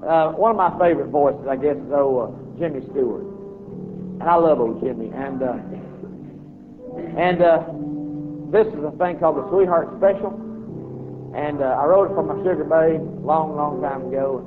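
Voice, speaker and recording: Brief: man, preacher spinning a funny story, lively and acting out voices, slightly high voice, phone-thin sound with hiss. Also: moderate pace, pauses often, music in the background. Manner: animated, acting out voices and reactions. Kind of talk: humorous storytelling to an audience. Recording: tinny lo-fi recording with noise.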